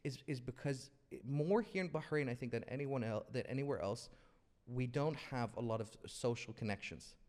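A man's voice: mid-range voice, moderate pace, darkish tone. A man hosting a casual interview, musing thoughtfully with dry jokes and stumbling over words. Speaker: podcast host. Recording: long reverb in room.

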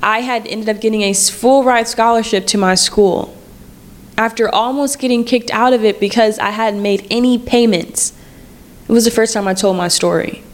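A woman's voice: a little high, steady tone, moderate pace. A woman in her twenties hosting a personal podcast, telling her story in a candid, conversational way and repeating phrases for emphasis. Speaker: podcast host.

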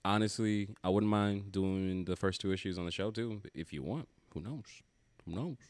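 A man with a low voice hosts a casual podcast, chatting loosely and cursing now and then. The sound is dry, with little room around it. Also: clean tone, no echo. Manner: casual, swears freely, quick asides. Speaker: podcast host.

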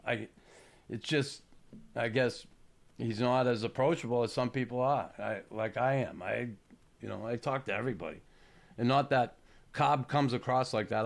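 A man in his sixties, a retired hockey player hosting a chat show, telling stories in a halting, plainspoken way. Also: medium pitch, creaky. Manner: halting, restarts, plainspoken storytelling. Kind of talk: casual podcast chat.

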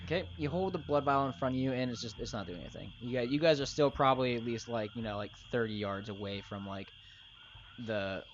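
A man's voice: medium pitch, a little fast, highs cut off, a little hiss or hum. Rambling young man running a tabletop game. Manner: rambling, filler-heavy, loose. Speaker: game master. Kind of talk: casual tabletop game narration.

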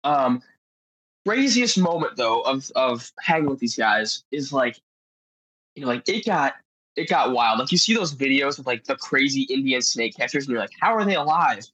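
A man's voice: medium pitch, moderate pace, slightly rough, no echo, low-quality recording. A man guest on a podcast telling adventure stories in a casual, rambling way, full of "like" fillers. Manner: rambling, heavy use of "like" fillers; animated storyteller.

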